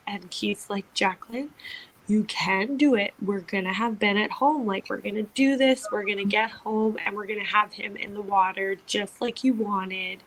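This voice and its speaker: Chatting casually as a podcast co-host, a young woman tells a personal story packed with "like" and acted-out quotes. She speaks at a normal speed in a steady, medium-pitched, fairly bright voice. The recording is rough, with a little hiss or hum.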